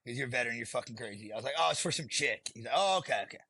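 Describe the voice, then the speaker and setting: Middle-aged man, gravelly and husky, blunt and profane storyteller, podcast guest. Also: mid-range voice, expressive, rapid-fire, sharp tone, dry recording. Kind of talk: candid storytelling.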